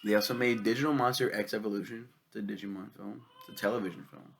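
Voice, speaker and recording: A young man with a cold and a cough, casually reviewing a film, swearing a lot and rambling excitedly. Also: fairly low pitch, fast, creaky, breathy edge. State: sick with a cough.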